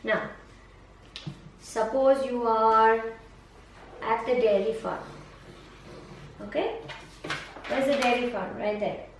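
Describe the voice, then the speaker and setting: Her voice on the high side, a woman teacher speaks slowly and pauses often while guiding a student one on one through a map lesson. She is patient and coaxing, repeating prompts and praise, recorded from afar in an echoey room with faint noise.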